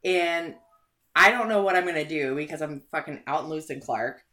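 A young woman telling a story in casual chat, animated, swearing and laughing often. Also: deep voice, brisk.

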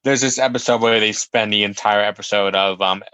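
A man's voice: fairly low pitch, fairly even intonation, bright, forceful tone, smooth, dry recording. A man co-hosting a podcast, chatting casually and stammering a little at the start of his sentences. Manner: halting, stammers when starting. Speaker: podcast co-host.

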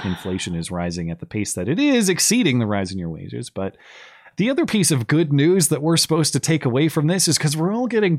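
A man's voice: mid-range voice, dry recording, clean studio sound. A man hosting a podcast, giving casual, sarcastic political commentary and laughing as he talks. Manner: sarcastic, animated, laughs while talking. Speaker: podcast host.

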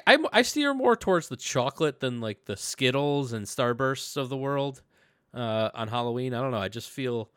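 A man's voice: mid-range voice, clear, resonant tone, dry recording, clean studio sound. Chatty man hosting a sports podcast. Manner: animated, laughs often, repeats himself. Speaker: podcast host. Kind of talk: casual fantasy football chat.

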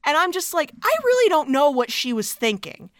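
A woman's voice: high-pitched, very animated, brisk, a bit bright, no echo, clean studio sound. A woman co-hosting a podcast, retelling a movie in chatty, casual talk full of "like". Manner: chatty, peppered with "like". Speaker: podcast co-host. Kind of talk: casual movie recap chat.

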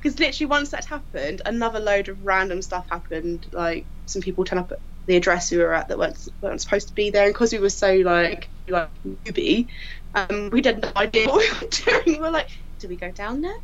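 A woman, a crime scene investigator, telling funny work stories in a casual, animated way and often laughing. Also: medium pitch, a little fast. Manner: animated, laughing storyteller who acts out quotes. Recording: slightly dull lo-fi audio.

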